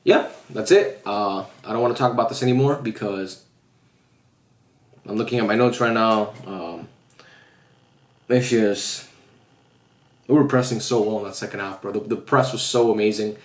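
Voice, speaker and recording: A man's voice: fairly low pitch, normal speed, long pauses, roomy sound. A man football fan vlogging casually to his viewers, dejected and heartbroken, swearing often as he talks straight to them. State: heartbroken after a loss. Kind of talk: casual vlog rant.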